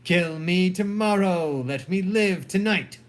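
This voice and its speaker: A man reading the part of a gentle, innocent young wife in a dramatic play reading, speaking softly and pleadingly. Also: high-pitched, slow pace. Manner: pleading, soft.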